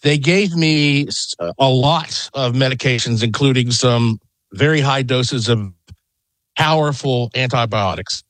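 Middle-aged guy calling in from home, rambling and excited, dry close sound. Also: medium pitch, unhurried, no room sound. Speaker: guest. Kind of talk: call-in radio interview. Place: home in Las Vegas.

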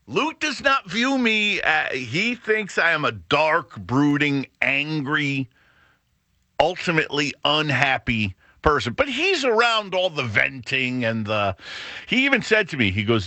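Rambling middle-aged man, lively bright voice. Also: medium pitch, normal speed, no echo. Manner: rambling, self-interrupting, wry. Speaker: show host. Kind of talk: casual monologue.

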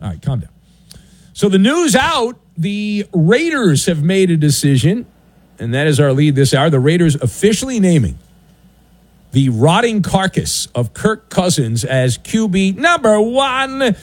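A man's voice: high voice, sing-song, unhurried, no echo. A man hosting a sports talk radio show in a studio, delivering a sardonic, theatrical monologue with swooping announcer flourishes. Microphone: studio broadcast mic.

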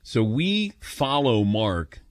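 A man's voice: medium pitch, slow, dry recording, clean studio sound. A man hosting a sports call-in radio show, telling stories with chuckles and taking calls. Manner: animated storyteller, chuckles while telling.

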